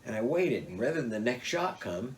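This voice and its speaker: Older man, mid-pitched voice, telling hunting yarns with animated quoted voices, faint noise behind. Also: a little fast. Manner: animated, acts out quotes with big pitch jumps. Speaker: storyteller.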